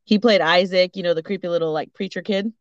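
Female podcast co-host, bright storyteller who acts out every quote, dull lo-fi recording. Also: fairly low pitch, quick pace, dry recording. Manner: animated, laughs often, acts out quotes. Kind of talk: casual storytelling chat. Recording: dull lo-fi audio.

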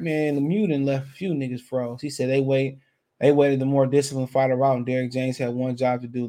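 A man's voice: medium pitch, darkish tone. A young man giving his blunt, emphatic opinions on boxing in a casual rant, full of slang and repeated phrases. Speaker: boxing commentator.

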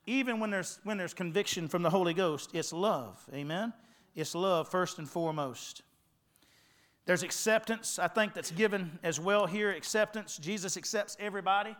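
A middle-aged man from North Carolina with a Southern accent delivers a sermon in a folksy storytelling manner. His voice sits high and sounds bright and forceful. He keeps checking in with the congregation as he goes. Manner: folksy storytelling with call-and-response asides. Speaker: preacher.

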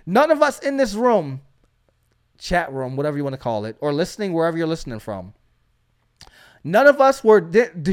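A man hosting a faith podcast, preaching with emphatic energy and frequent call-outs to his listeners. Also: high voice.

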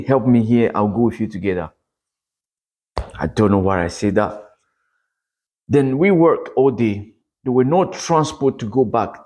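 Brief: preacher, male, husky voice, earnest testimony that climbs in pitch at dramatic moments. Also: darkish tone. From Democratic Republic of Congo. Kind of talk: sermon testimony.

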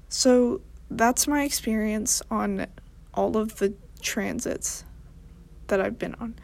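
Woman with heavy vocal fry. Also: on the high side. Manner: rambling, deadpan self-mocking humor. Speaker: podcast host. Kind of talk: casual monologue.

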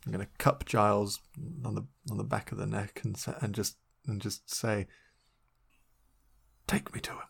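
A man's voice: on the low side, little pitch movement, normal speed, vocal fry, hardly any pauses, slightly rough. A man playing a tabletop game, rambling through restarts as he describes his character's actions. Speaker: player. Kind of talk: tabletop role-play chat.

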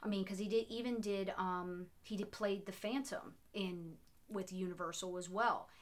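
A woman's voice: mid-range voice, steady tone, moderate pace. A woman co-hosting a podcast, talking about an old film in a casual, enthusiastic way, full of "like" and restarts. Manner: enthusiastic, filler-heavy with many restarts. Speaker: podcast co-host.

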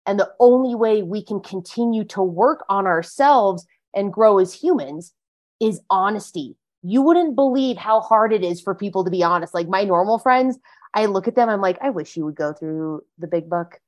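A woman's voice: medium pitch, animated, moderate pace, a little mellow. Chatty woman guest, candid and emphatic. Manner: chatty and emphatic, heavy use of "like". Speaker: podcast guest sharing her recovery story. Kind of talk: casual conversational interview.

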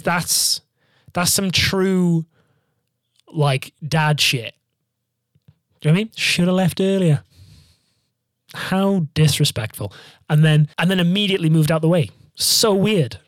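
A man's voice: a little high, expressive, a little slow, long pauses, no echo, clean studio sound. A man telling long, jokey travel stories in casual chat, swearing freely and rambling.

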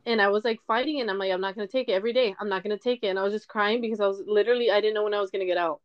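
A woman's voice: medium pitch, fairly even intonation, rapid-fire, smooth, highs cut off. A young woman podcaster telling a personal story in a candid, emotional monologue, often tearful and swearing.

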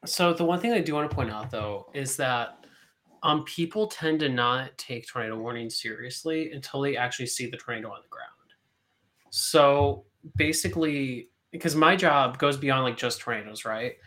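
Animated woman storm chaser, casual banter. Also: normal speed. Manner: swearing, animated, gets louder and higher when excited. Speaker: storm chaser and weather talk co-host.

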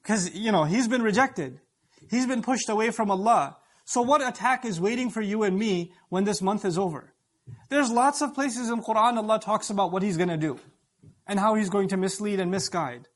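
A male preacher delivers a Friday sermon in a high voice. He speaks emphatically, explains each point and turns to his audience with questions. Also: normal speed.

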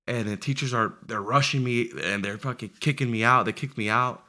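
A man in his twenties telling a story in casual, profane chat, lively and laughing as he goes. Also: mid-range voice, a little fast. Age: 20s. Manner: animated, profane, laughs while telling stories.

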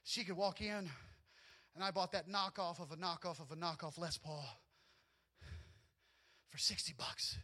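A man preaching a sermon, telling personal stories in an animated way that often rises almost to a shout. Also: sits high, unhurried, long pauses. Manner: animated storytelling, often rising to near shouts, with laughs. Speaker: pastor.

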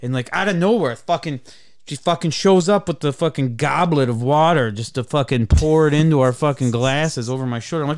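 Brief: podcast host, man, animated profane storyteller, dry close sound. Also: fairly high pitch, a little fast, dry recording. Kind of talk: casual chat, storytelling.

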